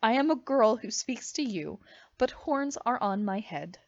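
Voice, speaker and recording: A woman's voice: on the high side, animated, unhurried, no echo, highs cut off. A woman reading aloud, voicing a distraught young maiden turned into a heifer, pleading and anguished.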